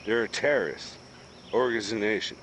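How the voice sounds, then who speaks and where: A man's voice: on the low side, moderate pace, fairly bright tone, slight background noise, poor audio. A man from the US East Coast in a casual chat while gaming, ranting heatedly and swearing constantly.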